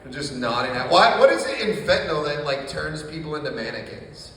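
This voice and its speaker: A man doing a stand-up set in a small coffee shop, telling dark jokes in a deadpan way with plenty of swearing. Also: on the high side, brisk, very echoey, big-room sound, far from the mic, slight background noise. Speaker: stand-up comedian.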